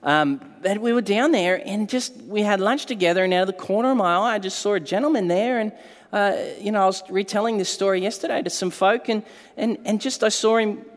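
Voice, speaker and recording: A man's voice: high voice, brisk, in a large hall. A man preaching a sermon as a pastor, telling stories animatedly and acting out the quotes. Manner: animated storytelling with acted-out quotes.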